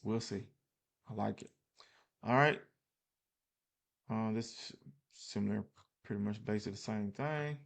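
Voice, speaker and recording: A man's voice: fairly low pitch, measured pace, vocal fry, long pauses. A man casually walking through his investment portfolio on screen, loose and plainspoken with many fillers and restarts, a little tired. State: tired, yawning. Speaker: investing channel host.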